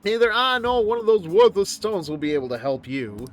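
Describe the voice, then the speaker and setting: A man's voice: sits high, very animated, brisk, soft background music. A man voicing an earnest young woman fortune teller, talking solemnly and from the heart, now and then slipping into a blunt country dialect while reading game dialogue aloud on stream.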